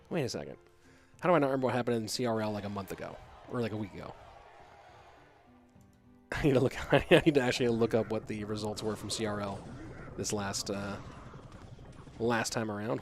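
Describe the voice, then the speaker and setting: American guy casting esports solo, talking low and quiet, rambly and casual, bit of music in the back. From USA. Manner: quiet, subdued delivery to keep from waking a child; casual, musing, asks himself questions aloud. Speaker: esports caster. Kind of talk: solo esports commentary with chat reading.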